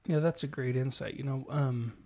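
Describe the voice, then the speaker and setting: A man's voice: medium pitch, normal speed. A middle-aged man co-hosting a casual chat, telling stories and acting out what people said. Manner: animated storyteller, acts out quoted voices. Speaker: podcast co-host.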